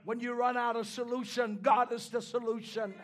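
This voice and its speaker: High-voiced preacher who bursts into shouting. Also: male voice, level tone. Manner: impassioned, rising into shouts, halting repetitions. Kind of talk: sermon.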